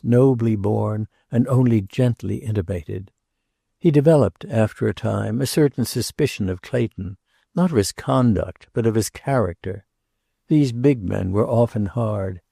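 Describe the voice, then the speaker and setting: A man reading a novel aloud as an audiobook narrator, in a measured, unhurried way. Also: lowish voice, creaky, warm tone, no echo, clean studio sound. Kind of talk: scripted narration.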